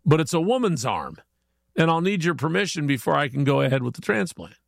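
A man's voice: a little high, big pitch swings, fairly quick, vocal fry, dry recording, studio quality, heavily acted. A man voicing a polite, matter-of-fact male surgeon in a told joke.

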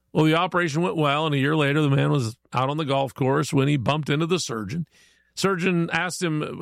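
A man's voice: on the high side, brisk, vocal fry, no room sound. A male radio morning show host in casual chat, upbeat, chatty and friendly, in a studio.

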